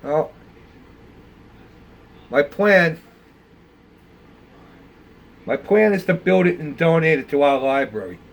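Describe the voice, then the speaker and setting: A man's voice: fairly high pitch, animated, takes it slowly, vocal fry, long pauses. Older man, rambling hobby storyteller. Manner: rambling, conversational, with many fillers. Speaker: model ship builder. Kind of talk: casual storytelling.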